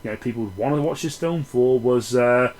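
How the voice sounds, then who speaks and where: A man talking through a film review in a loose, unscripted way. He rambles, stumbles and restarts his sentences, and keeps it sarcastic with plenty of swearing. His voice sits at an everyday middle pitch. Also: brisk, a little mellow, poor audio. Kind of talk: casual spoken film review.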